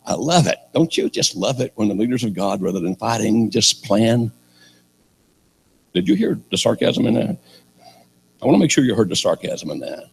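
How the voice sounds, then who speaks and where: A man's voice: on the low side, sing-song, normal speed, vocal fry, pauses often. An older man preaching a sermon, telling a story with sarcastic humor and acting out the characters.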